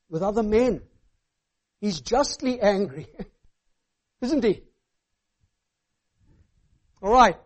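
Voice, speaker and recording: A man's voice: sits high, a little mellow. A man preaching a sermon, stressing words and checking in with "all right?". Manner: emphatic, asks the hearers "all right?" often.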